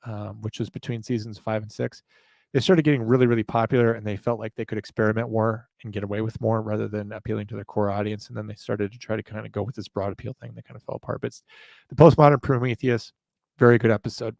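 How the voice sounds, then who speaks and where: Guy with a gravelly voice rambling on a podcast, laughs at himself, dry close sound. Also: on the low side, fairly even intonation, fast, darkish tone, dry recording. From northern United States. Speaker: podcast host. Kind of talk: casual chat.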